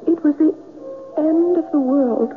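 An actress playing the ghost of a young woman who speaks in halting, breathy phrases in a 1970s radio drama. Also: sits high. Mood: sorrowful. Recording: narrow phone-like old radio broadcast with music.

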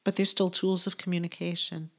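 A woman's voice: on the low side, little pitch movement, brisk. A middle-aged woman hosting a spiritual podcast, talking in an earnest, soothing way, laughing often and trailing off as she searches for words. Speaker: podcast host and medium.

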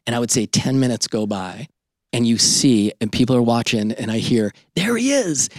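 A middle-aged man, an entrepreneur and podcast host, telling a lively anecdote in an interview and often checking in with "right?". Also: medium pitch, moderate pace, no echo, clean studio sound.

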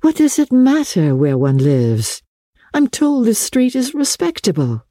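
A woman reading aloud voices a poised, worldly young countess who speaks softly and candidly. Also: a little high, sing-song, unhurried, dry recording, clean studio sound, pitched above the performer's own voice. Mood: musing.

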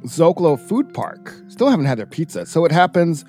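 A male co-host in casual chat, laughing often and talking with many fillers, sounding tired from a rough week. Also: a little high, wildly swooping pitch, brisk, a little mellow, faint music behind. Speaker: radio co-host.

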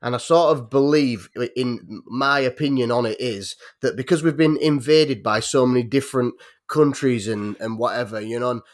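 A man's voice: mid-range voice, normal speed. A man with a North Yorkshire accent in casual podcast chat, rambling with lots of restarts and fillers. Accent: North Yorkshire English. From North Yorkshire, England.

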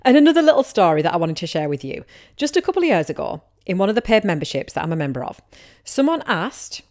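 A woman with a broad Teesside accent talks straight to her listeners in a relaxed solo podcast. She is candid and chatty, a business coach who drops into quick imitations of what people might be thinking about her. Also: lowish voice. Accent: Teesside English. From Teesside, England. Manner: candid, chatty, acts out imagined remarks from listeners. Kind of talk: casual solo podcast monologue.

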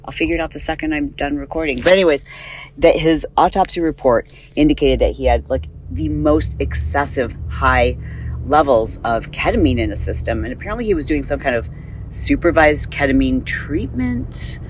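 Woman host talking in a car, slight lisp, rambly and animated, bit of road hum. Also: low voice, fairly quick, low-quality recording. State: slight lisp from dental work. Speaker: podcast host. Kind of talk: casual chat, recorded on the go.

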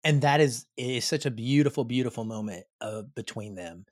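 A podcast co-host excitedly recaps things in a casual chat. His mid-range voice is brisk, captured with clean studio sound and no echo.

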